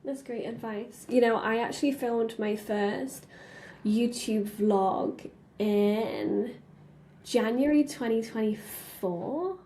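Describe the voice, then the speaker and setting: A woman's voice: fairly high pitch, slow, warm tone. A woman hosting a webinar interview, chatty and encouraging, sharing her own anecdotes between questions. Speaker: webinar host. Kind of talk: casual interview chat. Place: video call webinar.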